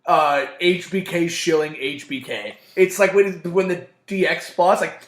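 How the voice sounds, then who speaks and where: Excitable high-voiced man in a roomy room. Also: measured pace. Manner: excitable, swears a lot, acts out quotes. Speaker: podcast co-host. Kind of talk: casual podcast chat.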